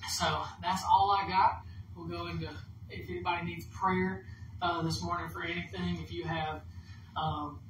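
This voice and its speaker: A man's voice: fairly high pitch, flat delivery, normal speed, a bit bright. A man preaching a casual, conversational sermon as minister, acting out inner dialogue and leading prayer. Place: church hall. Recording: echoey room, distant mic, background noise.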